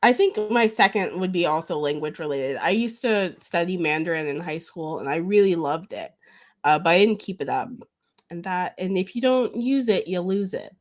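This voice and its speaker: A woman's voice: on the low side, moderate pace. A woman co-hosting a podcast, telling candid stories in casual chat with frequent laughter. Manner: laughing, candid, animated storytelling. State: hiccups. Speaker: podcast co-host.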